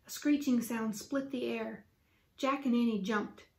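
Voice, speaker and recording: A woman teacher reading a children's book aloud with lively, expressive storytelling. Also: fairly high pitch, a little slow. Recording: roomy echo.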